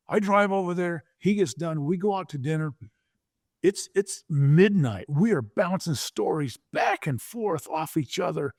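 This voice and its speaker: A man in his sixties, a former pro football player, telling stories as a podcast guest in an animated way, often repeating words and acting out quotes. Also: fairly high pitch, moderate pace, no room sound, studio quality. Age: 60s. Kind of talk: conversational storytelling.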